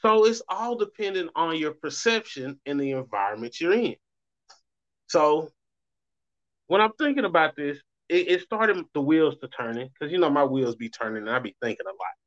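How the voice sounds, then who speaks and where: Middle-aged male host with a Southern US accent, loose and chatty, pitched a bit high, on a dull lo-fi recording. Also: lively intonation, moderate pace, fairly bright tone. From Southern United States. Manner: loose, rambling, swings voice up for quoted reactions. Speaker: show host. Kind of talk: casual monologue. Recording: muffled lo-fi recording.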